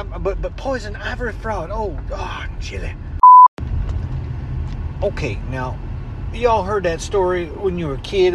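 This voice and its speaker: A man with a high voice calls in by phone, rambling and stammering and losing track of his point. Faint traffic noise from outside sits under his voice. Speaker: caller.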